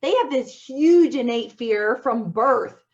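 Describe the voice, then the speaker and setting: A woman's voice: a little high, expressive, slow, a little mellow. A woman hosting a live stream who laughs often and reads out viewer comments. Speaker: host. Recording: slightly dull lo-fi sound.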